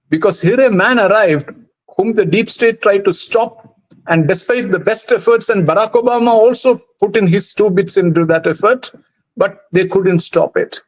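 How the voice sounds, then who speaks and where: A man with a high voice gives a panel discussion answer as a guest commentator. He speaks in a thoughtful, measured way and restarts his sentences often. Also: low-quality recording.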